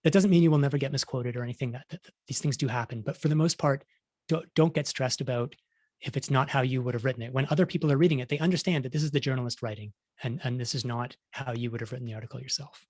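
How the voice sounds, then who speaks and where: A man's voice: medium pitch, fast, darkish tone, dry recording, studio quality. A middle-aged man, a science journalist, giving a conversational talk with many restarts, acting out quotes along the way. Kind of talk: conference talk.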